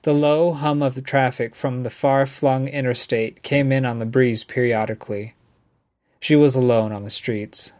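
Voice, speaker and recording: An audiobook narrator, male, reads a novel aloud from a script. His voice sits at a medium pitch, and he tells the story in a measured, even way.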